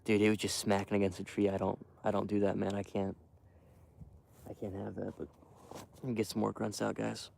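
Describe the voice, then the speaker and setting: A young man quietly rambling to his live stream while hunting outdoors in the cold wind, full of fillers and restarts. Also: fairly low pitch, completely flat delivery, fairly quick, gravelly, long pauses. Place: outdoors in a windy field edge.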